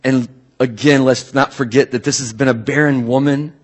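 Casual, lively preacher man. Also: medium pitch, moderate pace. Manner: casual, animated preaching with restarts and bursts of shouting. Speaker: pastor. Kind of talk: sermon.

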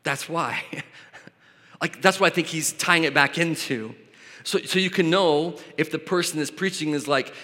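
A pastor preaches a sermon, reading scripture aloud and then explaining it conversationally. His voice is fairly high, bright and forceful at a normal speed, and it rings with a big-room sound.

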